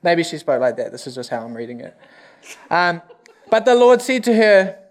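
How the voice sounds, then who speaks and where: A man's voice: a little high, big pitch swings, normal speed. A man, a youth pastor, preaching a sermon in a casual, joking way with self-deprecating asides.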